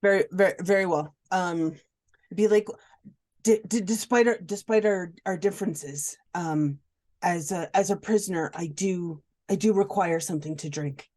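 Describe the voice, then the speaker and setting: A woman's voice: fairly low pitch, moderate pace, a little mellow, no room sound. A young woman playing a character in a tabletop game, speaking hesitantly with many restarts. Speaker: player. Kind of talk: tabletop role-play.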